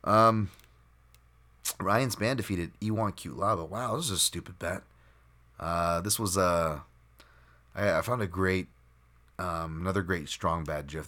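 A man with a deep, low-pitched voice hosts a solo podcast, talking off the cuff. He rambles, restarts his sentences and fills gaps with ums and you-knows. He is quick to make fun of himself. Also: fairly bright tone. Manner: rambling, self-deprecating, full of fillers and restarts. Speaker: podcast host. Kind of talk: solo unscripted podcast talk.

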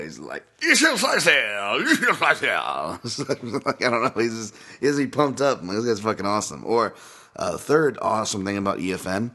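A man's voice: lowish voice, fairly bright tone. A man hosting a podcast in a casual, rambling way, swearing often and wandering off on tangents. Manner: rambling, profane, goes off on tangents. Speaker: podcast host.

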